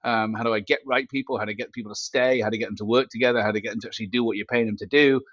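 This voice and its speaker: A man's voice: medium pitch, fairly even intonation, rapid-fire, a bit bright, no echo, highs cut off. A man talking as a company CEO guest in a casual interview chat, joking and self-mocking as he rambles with fillers, recorded through a headset mic built into his glasses. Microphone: glasses-frame headset mic.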